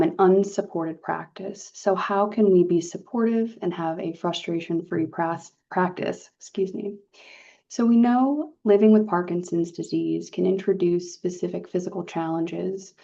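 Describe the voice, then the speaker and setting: Soft-spoken woman guiding meditation, dull audio. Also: lowish voice. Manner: calm, soft-spoken, gentle pauses. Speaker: meditation guide. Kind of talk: guided meditation talk. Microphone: video call. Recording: dull lo-fi video call audio.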